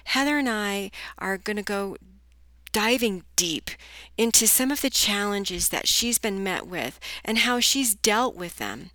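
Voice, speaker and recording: A woman's voice: medium pitch, animated, a little slow, pushed and bright, no echo. A middle-aged woman hosting a business podcast, reading a scripted intro in an upbeat sing-song way before starting an interview. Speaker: podcast host and business coach.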